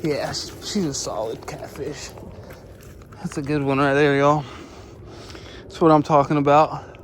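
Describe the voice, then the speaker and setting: Male fishing vlogger, winded and excited, slightly high voice, faint outdoor background hiss. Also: unhurried. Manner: excited, drawling, calls viewers y'all. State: out of breath. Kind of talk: casual outdoor narration to camera.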